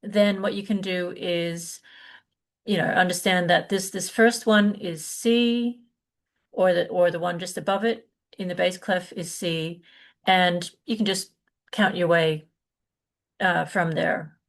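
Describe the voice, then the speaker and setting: A woman's voice: lowish voice, steady tone, slow pace. A middle-aged woman teaching a live online music lesson, explaining patiently with many fillers and restarts.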